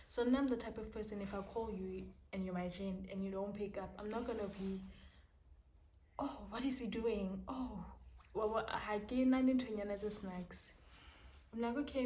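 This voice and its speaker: A young South African woman vlogging, telling a story casually to camera in slangy, animated talk. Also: mid-range voice, reverberant, slight background noise, low-quality recording. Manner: animated, slangy, mixing in Sesotho phrases.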